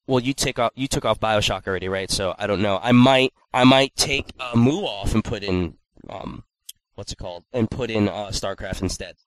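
A man casually chatting on an online podcast, animated, swearing freely and acting out quotes. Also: fairly low pitch, moderate pace, rough recording. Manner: animated, swearing, acts out quotes in exaggerated voices. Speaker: podcast co-host. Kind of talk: casual chat.

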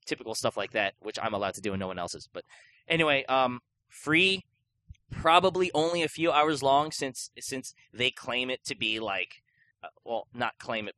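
Sharp in tone and medium in pitch, a young man co-hosts a podcast, chatting casually and rambling with plenty of fillers and restarts.

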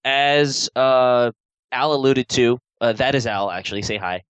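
A man's voice: medium pitch, a little slow, a bit bright, smooth, dry recording, rough recording. A man hosting a casual podcast, joking and rambling, swearing now and then. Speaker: podcast host.

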